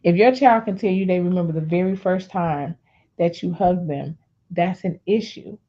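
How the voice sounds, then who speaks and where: A woman's voice: lowish voice, normal speed, warm tone, highs cut off. Woman giving a candid personal testimony. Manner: candid storytelling, addresses listeners as y'all. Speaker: speaker sharing testimony. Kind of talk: personal testimony on a faith talk show.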